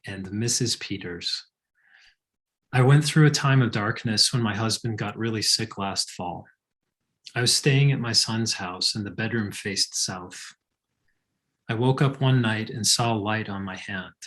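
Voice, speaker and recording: A man co-hosting a live session, reading listener letters aloud and reflecting on them in a calm way. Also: fairly low pitch, a little slow. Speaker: co-host.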